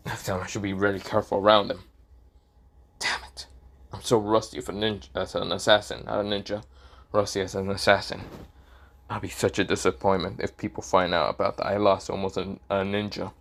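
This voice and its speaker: A man's voice: deep voice, level tone, normal speed, vocal fry, fairly bright tone. A man voicing a rattled, irritable teenage boy assassin who swears a lot. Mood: brooding.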